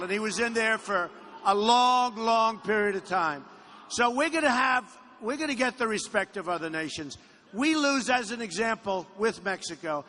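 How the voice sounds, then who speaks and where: A man running for president gives a boastful, rambling rally speech in an aircraft hangar before a crowd, often repeating phrases. His high voice sounds pushed and bright against the hangar's echo and faint background noise.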